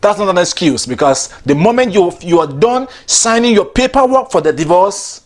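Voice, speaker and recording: A man's voice: sits high, lively intonation, moderate pace. A man delivering a chatty, preachy comic monologue, repeating himself and laughing between lines. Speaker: comedian.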